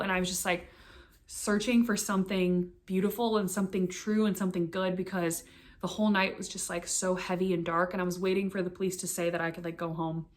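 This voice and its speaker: A young woman recounting a painful memory to her viewers, earnest and halting. Her pitch sits in a middle range for a woman. She keeps restarting sentences and leaning on filler words as she goes. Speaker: vlogger telling a personal story. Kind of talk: personal storytelling to camera.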